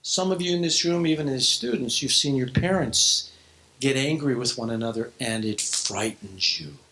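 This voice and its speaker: A middle-aged man preaching a sermon to a youth group in a church hall, telling stories with restarts and sudden drops to a hushed voice. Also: medium pitch, moderate pace. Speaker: pastor. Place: church hall, in front of students.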